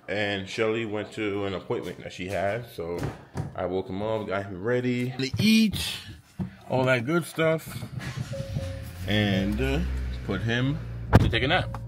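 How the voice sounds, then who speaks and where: A man's voice: on the low side, measured pace. A man who sells cars, chatting casually and with slang in a vlog while he drives, wearing a clip-on mic. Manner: laid-back, slangy talk. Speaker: car salesman and vlogger. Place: in his car with the window down. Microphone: clip-on microphone. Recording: wind and road noise in a car.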